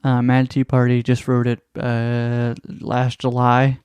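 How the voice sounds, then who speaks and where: A man's voice: mid-range voice, monotone, slow, darkish tone, smooth, dry recording. A man co-hosting a casual podcast, easygoing and agreeable, with the odd joke. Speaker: podcast co-host. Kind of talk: casual chat.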